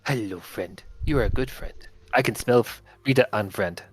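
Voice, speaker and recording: A man's voice: lowish voice, normal speed, slight background noise, natural voice. A man doing a huge panda beast with broken speech. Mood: blunt friendly. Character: huge fuzzy red panda beast, menacing yet friendly.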